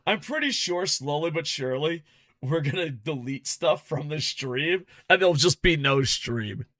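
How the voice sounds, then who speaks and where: Bright, profane streamer man. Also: on the high side, normal speed, dry recording, clean studio sound. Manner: profane, excitable, grumbles at his stream tech. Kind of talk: casual gameplay chat.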